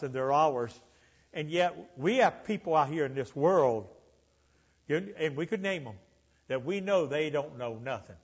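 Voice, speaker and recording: An older man from Alabama with a Southern accent, preaching an impassioned sermon that swells loud and high, then sinks low. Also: husky, long reverb tail, lo-fi sound. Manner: impassioned, building to near-shouting then dropping low.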